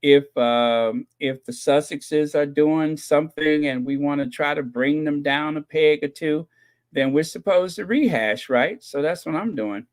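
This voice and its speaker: Male streamer with a slightly high voice, chatting casually and sarcastically with his viewers. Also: a little slow. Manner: joking, sarcastic, laughs often, repeats himself. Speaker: host of a royal commentary channel. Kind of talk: casual live-stream chat reading comments.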